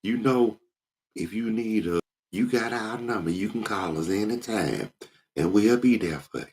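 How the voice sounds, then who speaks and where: A man's voice: lowish voice, normal speed, darkish tone, voice pushed up, natural voice. A man voicing gushing, fake-sweet older church women with a syrupy, overly sympathetic manner. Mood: fake sympathy.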